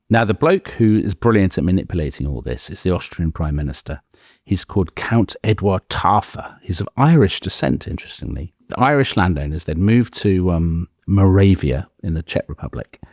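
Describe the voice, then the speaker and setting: A man co-hosting a history podcast, telling the story in a lively, conversational way. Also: deep voice, no echo, clean studio sound. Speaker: podcast co-host.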